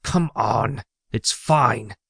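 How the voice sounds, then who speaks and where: A man's voice: fairly low pitch, a little slow, no echo, clean studio sound. A man voicing an arrogant trickster god who sneers and hisses his threats. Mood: menacing. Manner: sneering, hissing.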